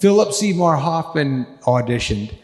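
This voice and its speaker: A man with a somewhat high voice tells rambling, profane stories on stage, laughing as he goes. The sound is roomy, with a long hall reverb trailing every phrase. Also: very animated, unhurried, a little mellow. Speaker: host. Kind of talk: live on-stage storytelling chat.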